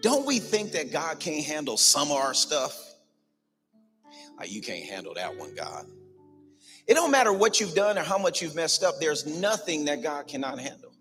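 A male pastor with a fairly high voice preaches with fervor, hammering home his points by repeating phrases. His voice rings out in a large hall with a long reverb. Soft music plays underneath. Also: expressive, moderate pace. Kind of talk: sermon. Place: church sanctuary.

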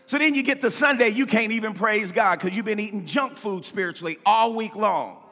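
A man preaching a sermon as pastor, impassioned, swinging between shouts and sing-song cadences. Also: high voice, fairly quick, long reverb tail, soft background music. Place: church sanctuary.

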